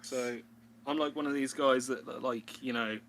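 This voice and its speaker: A man's voice: medium pitch, steady tone, moderate pace, a bit bright, slight background noise. A man co-hosting a podcast, chatting casually in a rambling way and laughing often. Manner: rambling, laughs often, puts on a mock New York voice. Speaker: podcast co-host. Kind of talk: casual chat.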